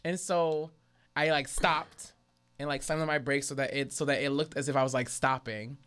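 A man telling a story in a casual chat, animated and profane, laughing as he goes. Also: medium pitch, moderate pace, clean tone.

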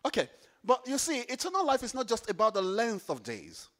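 A man preaching a sermon, animated, repeating phrases for emphasis and swinging from hushed to loud. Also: extremely high pitch, a little fast.

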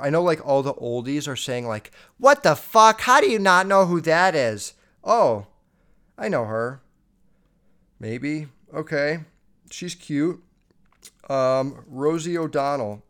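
A man's voice: medium pitch, clean tone. A young man hosting a podcast, answering listener questions in a crude, rambling way with lots of swearing. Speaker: podcast host.

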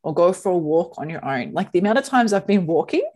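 A woman's voice: on the low side, big pitch swings, quick pace, darkish tone. A woman hosting a podcast, talking frankly and emotionally, with casual swearing. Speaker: podcast host. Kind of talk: candid podcast conversation.

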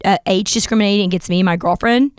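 A woman's voice: medium pitch, fast talker, clean tone, dry recording, studio quality. A woman, hosting a podcast and animatedly telling an anecdote, acting out the voices of the people in it. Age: 40s. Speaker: podcast host. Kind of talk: casual storytelling chat.

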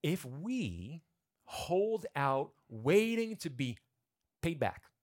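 A man's voice: on the high side, sing-song, extremely slow, a little mellow. A male pastor giving a conversational sermon, retelling a story with humorous asides to the congregation.

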